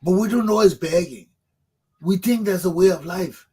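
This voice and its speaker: A man's voice: high voice, normal speed, dark tone, husky, low-quality recording. A man, hosting a talk show, delivering a fervent political monologue that preaches, repeats points for emphasis and swears. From Liberia.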